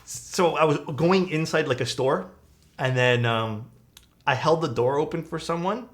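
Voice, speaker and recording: A man's voice: a little high, measured pace. A young man streaming from home, telling stories in a casual, laid-back way and swearing often.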